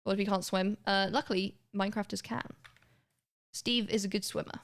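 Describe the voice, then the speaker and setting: A woman's voice: mid-range voice, steady tone, brisk. Chatty young woman streaming a game. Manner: chatty, laughing, swears, talks to chat. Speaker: live streamer. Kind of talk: casual gaming livestream chat.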